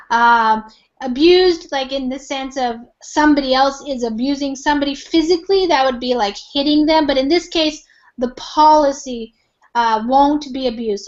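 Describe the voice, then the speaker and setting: An American woman teaching an online English reading lesson, explaining words patiently with lots of fillers and examples. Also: high-pitched. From United States. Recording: dull lo-fi call audio.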